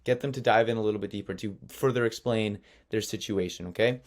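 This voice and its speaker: A man, an agency founder, teaching an online sales lesson in an animated storytelling way, often checking in with "okay?" and "right?". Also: on the low side, fast.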